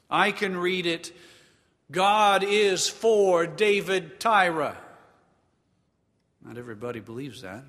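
A man preaching a sermon as a pastor, slow and emphatic, leading the congregation to repeat lines after him. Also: high voice, fairly bright tone, in a large hall.

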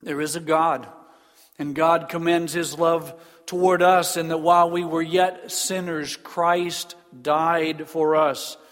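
Earnest high-voiced preacher in a reverberant hall. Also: male voice, level tone, a bit bright. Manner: earnest, emphatic, slows down for key phrases. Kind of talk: sermon. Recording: long reverb of a large hall.

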